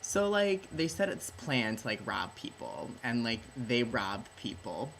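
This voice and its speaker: A man's voice: medium pitch, sing-song, a little slow, a bit bright, slight background noise. A tipsy young man retelling a play for laughs, rambling, swearing and saying "like" constantly, close to the camera. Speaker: host. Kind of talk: drunk comedic plot retelling. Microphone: camera at close range.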